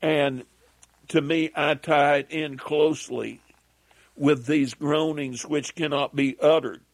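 A man teaching a Bible lesson as a sermon, speaking slowly and deliberately with many pauses and "uh" fillers, and reading scripture aloud in old-fashioned wording. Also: on the high side, fairly even intonation, dry recording. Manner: reads scripture aloud in King James wording.

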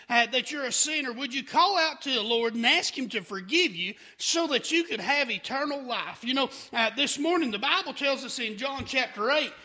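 A man's voice: very high-pitched, bright, forceful tone. A man preaching a fervent sermon, often breaking in with "hey" and restarting his sentences.

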